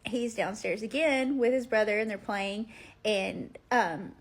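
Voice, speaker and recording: A female vlogger sits at home and casually tells stories into her phone, wandering off track and using plenty of fillers. Her voice is medium in pitch, and she talks a little slowly.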